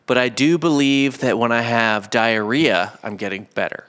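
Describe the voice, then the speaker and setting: A man's voice: mid-range voice, fairly even intonation, normal speed, fairly bright tone, smooth. A man co-hosting a comedy history podcast, joking crudely in casual chat and trailing off into mumbles. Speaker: podcast co-host.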